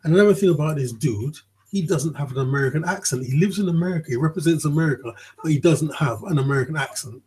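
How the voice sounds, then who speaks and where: A man's voice: on the high side, fast, few pauses, a little mellow, low-quality recording. A man vlogging in a rambling, casual commentary monologue, swearing freely and often checking in with the listener.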